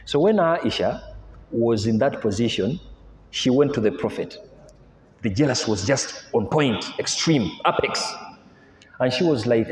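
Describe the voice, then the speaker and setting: A man preaching a sermon, retelling stories in an animated way and asking his listeners rhetorical questions. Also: mid-range voice, measured pace. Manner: animated storytelling, mixing languages, rhetorical questions. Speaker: Islamic preacher. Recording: echoey hall with long reverb.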